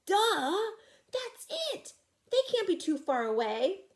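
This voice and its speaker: A woman voicing an excitable, bossy boy who shouts orders during a rescue. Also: high voice, slow pace, voice pushed up, heavily acted. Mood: shouting. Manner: shouting, eager.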